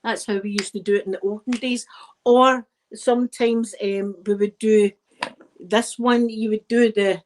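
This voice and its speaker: A Scottish woman hosting a casual live stream, chatting to her viewers in a rambling, lively way with plenty of asides. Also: medium pitch, unhurried, slight background noise, rough recording. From Scotland.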